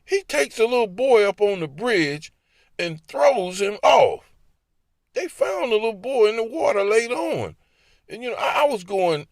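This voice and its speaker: Speaking at a normal speed in a high, sing-song voice, a man with a Baltimore accent shares casual stories from his life. He often laughs while playing out the voices in his head, recorded in clean studio sound with no room noise.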